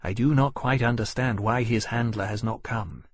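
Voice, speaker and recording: A man's voice: mid-range voice, moderate pace, no echo, natural voice. A man voicing a large young male dragon, earnest and possessive, who speaks formally and measuredly in an audiobook. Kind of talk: audiobook narration.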